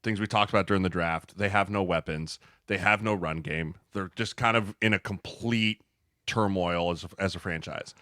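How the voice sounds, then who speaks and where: A man with a lowish voice reasons through a point calmly and at length on a podcast. His delivery is measured, sprinkled with casual slang. The mic is close and dry. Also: dry recording. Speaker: podcast co-host.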